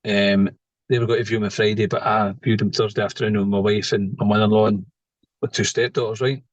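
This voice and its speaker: A man's voice: fairly low pitch, flat delivery, fast talker, no room sound, highs cut off. A middle-aged Scottish man, a podcast guest, telling a personal story in a rambling way, often tagging lines with "right?". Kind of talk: casual storytelling.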